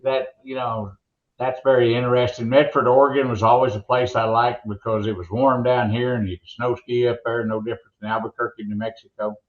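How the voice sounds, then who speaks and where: An older man tells rambling, folksy stories with plenty of restarts. His voice sits at an ordinary pitch and arrives through a roomy, echoey space. The sound is dull and muffled, as on a remote call. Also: flat delivery, brisk. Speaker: veteran monster truck announcer, guest. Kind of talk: casual interview storytelling.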